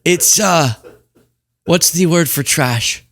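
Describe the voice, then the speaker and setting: A man's voice: fairly high pitch, slow pace, vocal fry, fairly bright tone, voice pushed up, heavily acted. A man putting on a mocking, snooty, accented woman's voice as a parody of a press spokesperson. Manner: exaggerated, snooty, laughing.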